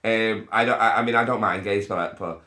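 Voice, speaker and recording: A man's voice: fairly low pitch, fairly quick, sharp tone. A man hosting a podcast, joking crudely and laughing often in casual chat. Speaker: podcast host. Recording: roomy echo.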